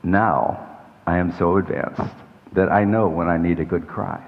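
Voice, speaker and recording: An older man delivers a sermon in a low voice, drifting into loose, self-deprecating asides as he talks. His voice rings with a long reverb off the walls of a church hall. The sound is dull and lo-fi. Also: fairly even intonation, measured pace, gravelly. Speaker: pastor.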